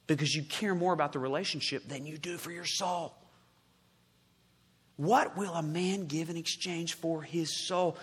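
A man preaching a sermon as pastor, swelling to loud emphatic peaks and dropping to hushed, slow endings. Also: on the high side, breathy edge. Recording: long reverb in a large hall.

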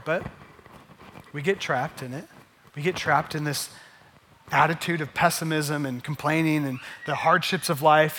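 A man preaching a sermon in an animated way, often repeating words when emphatic. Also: a little high. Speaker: pastor.

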